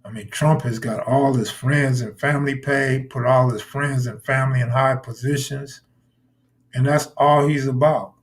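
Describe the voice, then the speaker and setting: Steady in tone and mid-range in pitch, this man speaks at normal speed while giving casual live stream commentary. He's blunt and foul-mouthed, answering his chat directly.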